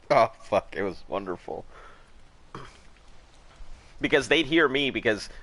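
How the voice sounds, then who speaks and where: A gaming streamer in his thirties chats casually as he plays, telling stories packed with swearing and laughter. His voice is medium-pitched, expressive and fairly bright, with a measured pace.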